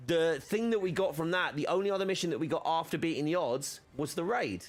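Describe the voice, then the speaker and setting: A man's voice: fairly high pitch, fast. A man streaming a video game, chatting casually with many fillers and restarts. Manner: rambling, filler-heavy, self-correcting.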